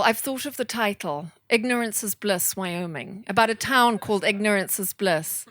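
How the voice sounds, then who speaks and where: Woman author at a bookstore Q&A, mid-pitched, lively and self-mocking, dry close sound. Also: moderate pace, dry recording. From southern Africa. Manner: animated, self-deprecating, laughs often. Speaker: author speaking at a bookstore event. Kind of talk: storytelling in an audience Q&A.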